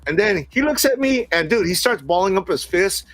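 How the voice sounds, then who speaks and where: Animated middle-aged man telling a story. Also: sits high, a little fast, no room sound. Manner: animated, laughs often, acts out quotes. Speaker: podcast co-host telling a work story. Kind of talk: casual storytelling chat.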